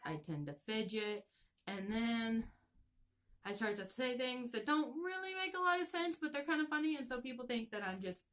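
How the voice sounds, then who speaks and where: A woman in her thirties, talking earnestly in a casual personal vlog and explaining things plainly, with halting restarts. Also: mid-range voice, fairly bright tone. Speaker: vlogger.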